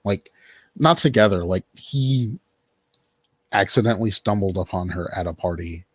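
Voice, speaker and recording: A man's voice: deep voice, animated, moderate pace, slightly rough, no room sound. A man casually recapping a TV show on a podcast, rambling with lots of fillers. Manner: rambling, filler-heavy, quotes characters in mock voices. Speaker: podcast host.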